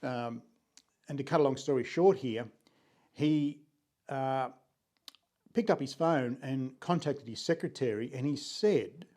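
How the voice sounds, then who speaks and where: An older man with an Australian accent, from Sydney, telling his photography story in an unhurried, earnest vlog, often clearing his throat. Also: medium pitch, dark tone.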